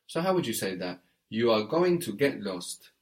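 A man's voice: fairly low pitch, big pitch swings, moderate pace. A man giving a one-on-one French lesson, patiently prompting and correcting step by step. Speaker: French teacher.

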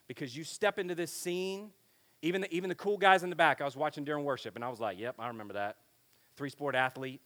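A middle-aged man preaching to teenagers at a camp in a lively, joking way, acting out talks with his kids. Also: medium pitch. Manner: animated, joking, acts out family dialogue. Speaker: pastor speaking at a youth camp. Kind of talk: energetic sermon to teenagers.

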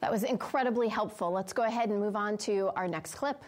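A woman's voice: mid-range voice, fairly quick. Encouraging woman host guiding the talk. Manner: encouraging, lots of backchannel agreement. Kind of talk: conversational discussion.

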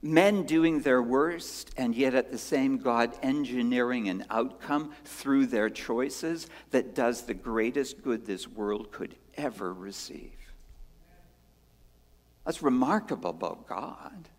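A pastor preaching a sermon in an earnest way, moving between strong emphasis and hushed lines and asking rhetorical questions. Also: male voice, mid-range voice, slow. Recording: long hall reverb.

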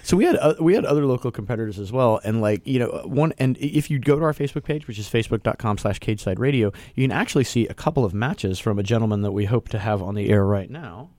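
Low-voiced radio host, dry studio. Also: male voice, fast talker, few pauses, a little mellow, no room sound. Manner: rambling, restarts, laughs easily. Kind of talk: casual radio chat.

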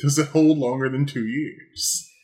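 A man's voice: medium pitch, fairly even intonation, unhurried, a little mellow, breathy edge. A man co-hosting a podcast in casual chat, giving short reactions and laughing often. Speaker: podcast co-host.

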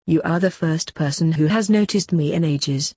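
A woman voicing the ghost of an eighteenth-century highwayman, huffy and put-upon, in a read-aloud story. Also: normal speed, warm tone, breathy edge, no echo, clean studio sound. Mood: exasperated. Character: ghostly 18th-century male highwayman, frustrated and weary.

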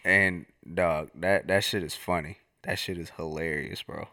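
A man's voice: low-pitched, steady tone, unhurried, pushed and bright, dry recording, clean studio sound. A young man co-hosting a podcast, telling stories in casual slangy chat. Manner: laid-back slangy storytelling. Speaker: podcast co-host.

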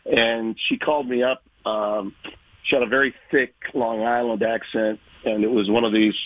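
A man from Louisiana, a veteran sports broadcaster, telling stories from his career in a folksy, animated interview manner. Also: medium pitch, normal speed, highs cut off. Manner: folksy, animated storyteller, acts out quoted voices. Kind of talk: conversational interview storytelling.

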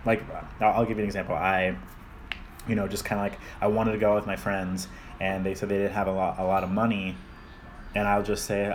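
With a low, level-toned voice and a brisk pace, this young man co-hosts a casual podcast chat, rambling at length with frequent repeats and restarts. He's self-deprecating, and there's slight background noise.

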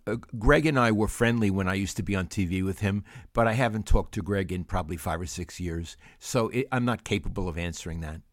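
A man's voice: low voice, fairly quick, few pauses, no echo, clean studio sound. An older man, co-hosting a podcast and telling family stories with lots of laughter. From Brooklyn, New York. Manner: animated storyteller, laughs often. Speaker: podcast co-host. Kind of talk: casual storytelling chat.

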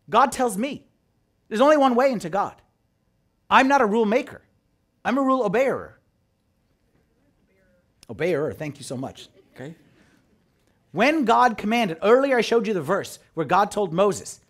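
A male priest delivers a sermon in a high, lively voice. He acts out the people he quotes and swings between loud bursts and near-whispers. His pitch climbs and falls all the time. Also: normal speed, long pauses.

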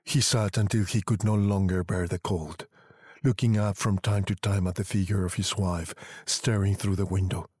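A man narrating a story in a measured, deliberate reading style. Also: deep voice, steady tone, a little mellow, breathy edge, no room sound, clean studio sound.

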